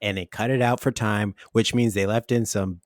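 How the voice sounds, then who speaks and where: A man's voice: lowish voice, steady tone, moderate pace, dry recording, clean studio sound. A man hosting a podcast, joking with his guest in casual chat. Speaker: podcast host.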